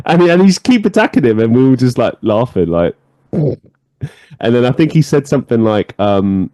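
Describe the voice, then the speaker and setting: A man's voice: medium pitch, a little slow, long pauses, no room sound, clean studio sound. A man hosting a podcast, telling stories in casual chat with plenty of swearing and laughter. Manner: animated storyteller, swears freely, laughs often. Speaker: podcast host.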